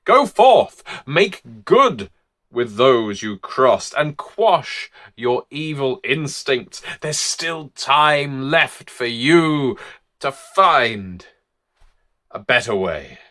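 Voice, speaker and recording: A man voicing a fiery male evangelical preacher who exhorts sinners to repent in booming, drawn-out cries. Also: animated, bright, forceful tone, exaggerated voice. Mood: thundering.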